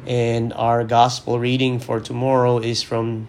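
A man giving a podcast homily as a parish priest, his voice strained from illness. He speaks reflectively at a middling pitch and often restarts his sentences. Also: completely flat delivery, a little slow, few pauses, a little mellow, slight background noise.

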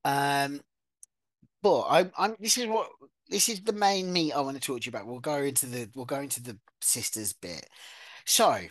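A podcast co-host, chatting casually in an animated, gossipy way with the odd swear. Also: mid-range voice, moderate pace, dry recording. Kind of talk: casual chat.

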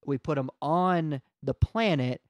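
A man co-hosting a casual podcast, asking joking questions in a playful, deadpan way. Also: a little high, slow, dry recording. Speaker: podcast co-host.

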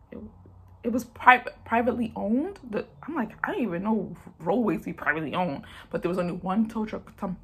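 Young new woman doing a storytime vlog, lots of y'all and acting out quotes, kinda raspy. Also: medium pitch. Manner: chatty, addresses viewers as y'all, acts out quotes. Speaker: vlogger telling a story. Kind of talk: casual storytime chat.

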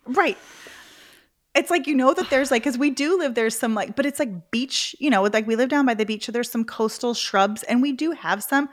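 Middle-aged female guest, lively casual storytelling, dry recording. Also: a little high, moderate pace, no echo. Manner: animated storyteller, acts out her own reactions. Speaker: podcast guest. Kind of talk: casual interview chat.

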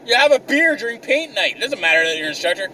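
In a profane, comedic vlog, a young man rants with exasperation, cursing constantly in a high, sharp voice that moves quickly and swings widely in pitch. The recording has a slightly distant mic and faint car noise.

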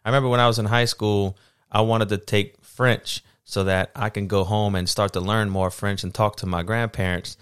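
A man's voice: on the low side, moderate pace, smooth, no echo, studio quality. A man, chatting easily as a guest and telling stories about his family and his videos. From South Louisiana. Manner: easygoing storyteller, animated when quoting others. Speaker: guest, TikTok creator. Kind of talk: casual conversation.

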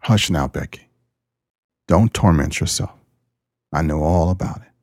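A man voicing a weeping husband at his wife's deathbed in a told joke, speaking in a soothing hush. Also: very deep voice, unhurried, dry recording, clean studio sound. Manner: soothing, hushed.

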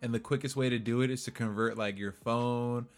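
Dude in his 20s joking around with his buddy, loud cussing laughs, mid pitch, faint music behind. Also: steady tone, a little fast. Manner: loud, laughing, profane banter. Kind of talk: casual chat.

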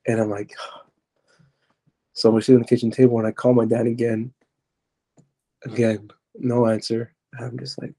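Young man, gravelly, husky, dark tone, halting testimony with many restarts. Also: medium pitch, little pitch movement. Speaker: podcast guest. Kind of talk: personal testimony.

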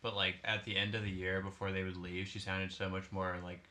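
A man's voice: low-pitched, flat delivery, brisk, pushed and bright. A young man co-hosting a podcast, talking casually with a lot of "like" fillers. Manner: filler-heavy talk, lots of "like". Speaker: podcast co-host. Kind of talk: casual chat.

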